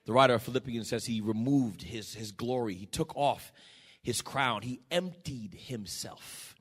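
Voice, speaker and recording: A male pastor preaching a sermon in a church, building to shouted peaks and dropping to quiet, low passages. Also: unhurried, husky. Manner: shouting, rising to emphatic peaks.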